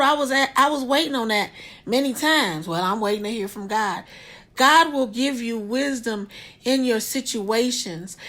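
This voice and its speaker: Woman, high voice, earnest faith testimony, preachy, talks to viewers, hospital room, phone video. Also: fairly bright tone. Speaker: vlogger sharing a health update.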